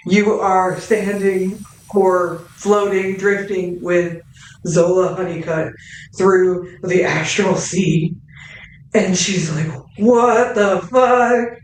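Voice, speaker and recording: A woman's voice: on the low side, fairly even intonation, takes it slowly, far from the mic. Casual woman game master, echoey room. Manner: casual, filler-heavy, vivid play-by-play. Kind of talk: narrating a tabletop game. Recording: roomy echo.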